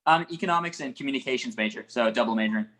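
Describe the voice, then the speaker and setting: A woman's voice: extremely low pitch, very fast, a bit bright. A woman in her twenties hosting a student radio interview, answering briefly and laughing easily. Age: 20s. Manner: short replies and backchannels with easy laughter. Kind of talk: casual interview chat.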